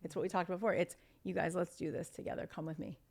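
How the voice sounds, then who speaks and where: A middle-aged woman talking as a guest on a podcast, with a voice on the low side. She speaks in an animated way, acting out little quotes and sometimes dropping into a near whisper. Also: very fast, gravelly. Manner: animated, acts out quotes, drops to a whisper for emphasis. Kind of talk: conversational podcast interview.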